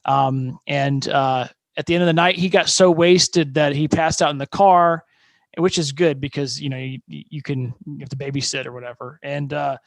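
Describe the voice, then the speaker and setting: A rock guitarist from Fort Wayne, Indiana, talks on a podcast in a gravelly, slightly high voice. He rambles through band stories, laughing often and swearing casually. The sound is close and dry. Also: steady tone, normal speed, dry recording. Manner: rambling storyteller, laughs often, loose and profane.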